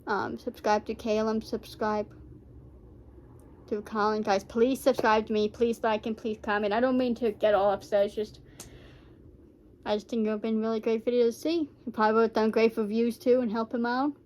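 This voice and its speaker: A woman's voice: a little high, fairly even intonation, normal speed, darkish tone. A woman vlogger rambling heartfelt reaction commentary, full of fillers.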